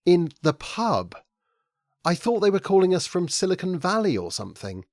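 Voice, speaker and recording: A man's voice: high-pitched, very animated, moderate pace, darkish tone, no echo, studio quality, voice pushed up. A man voicing a nervous, diffident young man who hesitates and stammers as he talks. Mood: hopeful. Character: anxious, diffident young man, new to business.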